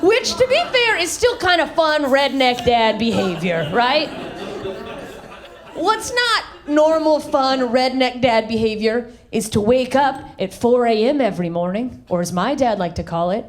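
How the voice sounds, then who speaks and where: A woman from the American South doing a live stand-up comedy set on a handheld stage mic, brash, swinging her voice high and low for punchlines. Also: expressive, a little slow. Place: live comedy venue with audience. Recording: live show with crowd laughter. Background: audience laughter.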